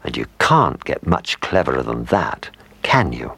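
Brief: low-voiced male storyteller, husky tone, very lively swings in pitch. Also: a little slow, over loud music. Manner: gentle, animated reading with asides to the listener. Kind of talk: scripted storybook narration.

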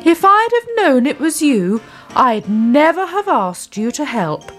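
A woman voicing a grumpy old village woman in a storybook reading, speaking in a cross, scolding way, pitched up. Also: sing-song, measured pace, a bit bright, soft background music, full character voice.

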